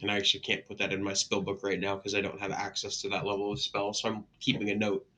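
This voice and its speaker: Bright-voiced man playing a tabletop game. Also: fairly low pitch, completely flat delivery, fast. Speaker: player. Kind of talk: casual game chat.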